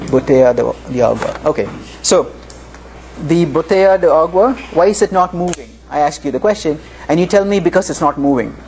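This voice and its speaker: A man's voice: on the high side, lively intonation, a little fast, a little mellow. A man teaching a live physics class in a lecture hall, talking conversationally and often checking in with "right?". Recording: faint room noise in a lecture hall.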